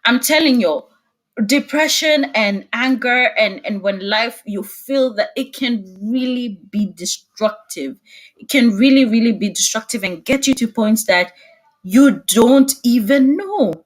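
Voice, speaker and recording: A young woman speaking as a guest in a casual video-call interview, expressive and laughing often. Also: on the high side, a little slow.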